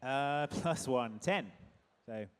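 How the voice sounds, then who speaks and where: A man's voice: medium pitch, slow, slight background noise. A man playing a tabletop game live on stage, joking around while rolling dice. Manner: playful, jokey. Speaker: player. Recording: reverberant live hall with faint ambience.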